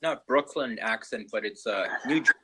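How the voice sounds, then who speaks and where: A man's voice: medium pitch, moderate pace, pushed and bright, breathy edge, rough recording. A man with a Canadian accent in casual video-call chat, hesitant and chatty with many restarts.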